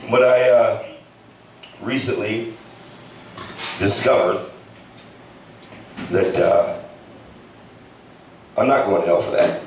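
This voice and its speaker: A man's voice: on the low side, takes it slowly, pauses often, darkish tone, slight background noise. A man telling loose, casual stories in a stand-up set at a comedy club. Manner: casual, loose storytelling with many fillers. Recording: very echoey, distant club recording.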